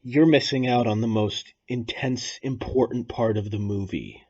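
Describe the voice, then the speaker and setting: A man hosting a podcast, telling a long, improvised story in a rambling, deadpan way over casual chat. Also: mid-range voice, moderate pace, breathy edge, lo-fi sound. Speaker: podcast host.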